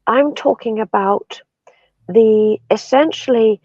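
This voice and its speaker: A woman from Ireland, a shamanic practitioner, telling spiritual stories in a soft, reflective way with many pauses and fillers in an interview. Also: a little high, no room sound. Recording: dull lo-fi sound.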